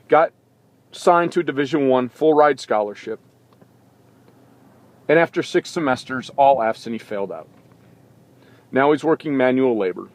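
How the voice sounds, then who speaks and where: A man's voice: medium pitch, no room sound. A man hosting a sports talk show, giving an impassioned opinion monologue full of indignant rhetorical questions, recorded in a vehicle.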